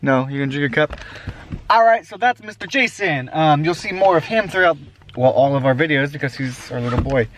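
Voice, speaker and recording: Brisk and expressive, a young man with a voice on the high side chats directly to camera in a home vlog; he's a father and vlogger filming at home and in a car. Vehicle hum and background noise come through on the handheld compact camera's recording.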